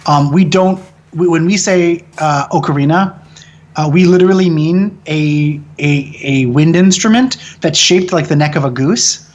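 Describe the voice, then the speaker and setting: A man in his thirties with a fairly high voice, chatting as an interview guest. He talks in an animated, opinionated way, swears freely and mimics other people with mocking voices to make his point. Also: a little slow, lo-fi sound. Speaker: film director and guest. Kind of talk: casual interview chat.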